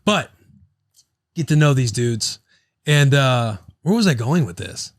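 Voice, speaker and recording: A man's voice: mid-range voice, very animated, a little slow, no echo, clean studio sound. A man in his thirties hosting a podcast, rambling and joking, with casual swearing and a loose ad read. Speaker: podcast host.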